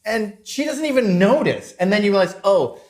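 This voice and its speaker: A man's voice: high voice, normal speed. A man telling anecdotes as a guest in a casual interview, acting out the people he quotes. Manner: animated storyteller, acts out quotes.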